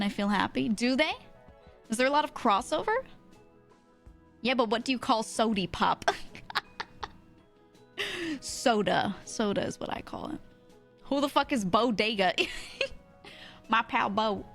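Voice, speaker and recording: Woman streamer from New York, casual swearing chat, mid-pitched, light music underneath. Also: a bit bright. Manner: rambling, swears, laughs often.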